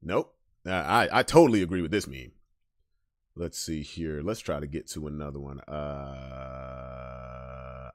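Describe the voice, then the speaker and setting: A man hosts a casual solo podcast, reacting to memes with blunt, profane talk that swings between loud emphasis and quiet asides. The studio sound is clean, with no room sound.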